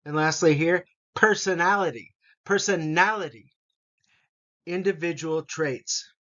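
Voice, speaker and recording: A man teaching English vocabulary, saying each word slowly and repeating it for learners to copy. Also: on the high side, a bit bright, dull audio. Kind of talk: vocabulary pronunciation lesson.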